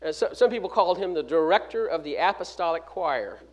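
High-voiced man preaching with emphatic swings. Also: expressive, a little fast, lo-fi sound. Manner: emphatic preaching with sharp swings from loud to hushed; fills gaps with 'uh' and restarts words mid-phrase. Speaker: pastor. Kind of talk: sermon.

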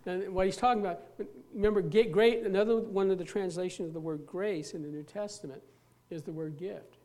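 Pastor preaching, earnest and emphatic, mid pitch, drags out key words, repeats bits. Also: a little fast, dark tone. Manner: repeats and restarts phrases while preaching. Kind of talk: sermon.

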